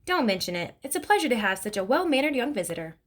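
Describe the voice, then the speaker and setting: A woman reading aloud, voicing a kind but stern grown woman in a storybook, pitched a bit above her own voice. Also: very animated, fast. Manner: warm with the child, sharp with her father.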